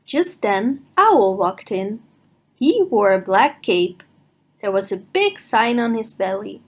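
A woman reads a picture book to small children, taking her time over every line. Her voice rises and falls in a lively sing-song, and it carries a soft, breathy edge. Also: mid-range voice, takes it slowly. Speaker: storybook reader. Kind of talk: children's read-aloud narration.

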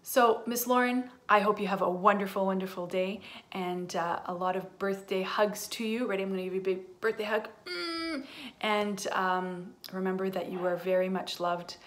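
A woman, a teacher, reading a picture book aloud to children, with warm, chatty asides to her young listeners. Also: mid-range voice, steady tone, moderate pace. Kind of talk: storybook read-aloud for children.

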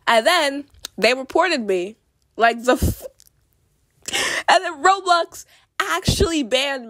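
A woman's voice: fairly high pitch, no room sound. A young woman in her teens ranting angrily to camera, swearing a lot and saying "like" often. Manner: ranting, heavy swearing, lots of "like". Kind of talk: angry rant vlog.

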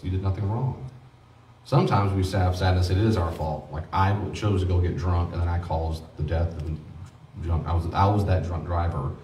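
A man's voice: low-pitched, mellow, slight background noise. A man preaching a teaching sermon on grief as a pastor, earnest and conversational, repeating himself for emphasis. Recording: echoey room, mic at a distance.

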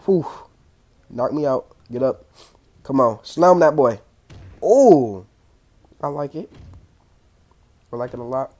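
Young dude yelling at a wrestling game, throat all clogged, lots of slang and trash talk. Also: male voice, medium pitch. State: congested throat. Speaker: gaming channel host. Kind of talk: casual gameplay commentary.

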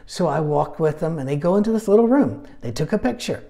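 A man's voice: fairly high pitch, lively intonation, fairly quick, gravelly, mellow. A man teaching a midweek Bible study in a chatty, anecdotal way, with humorous asides.

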